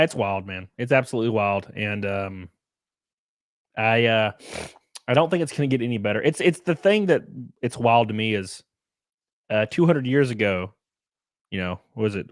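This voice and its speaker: A man from Alabama with a Southern accent, hosting a casual livestream chat with crude jokes and shout-outs to the chat. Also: lowish voice, no echo, studio quality. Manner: crude, joking, calls out chat by name. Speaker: podcast host.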